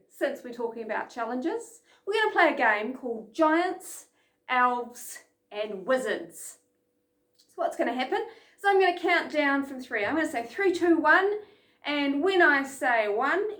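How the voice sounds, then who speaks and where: Lively high-voiced New woman, kids' instructor, echoey room. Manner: energetic, chanting and calling out game sounds. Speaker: children's program instructor. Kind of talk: lively kids' lesson from home.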